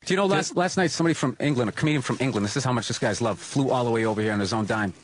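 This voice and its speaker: Fast-talking man telling a story. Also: medium pitch, background noise. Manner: animated, laughing through the story. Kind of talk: casual storytelling among friends.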